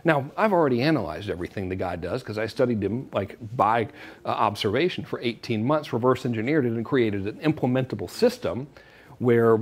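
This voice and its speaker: A man's voice: medium pitch, expressive, brisk, slightly rough. A man giving a joking, salesy marketing talk straight to camera. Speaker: online marketing presenter.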